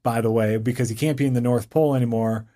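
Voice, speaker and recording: A man co-hosting a loose, casual conversation. He rambles enthusiastically, stacking fillers and restarts as he pitches ideas. He is quick to laugh. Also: fairly even intonation, mellow. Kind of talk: casual chat.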